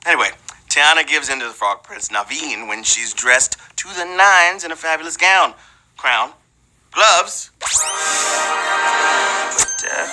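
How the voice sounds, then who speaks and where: Bright, lively trivia show host man. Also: mid-range voice, measured pace, long pauses. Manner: playful, hyped, banters and calls viewers "babies"; breaks into snatches of song. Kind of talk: live trivia game show hosting.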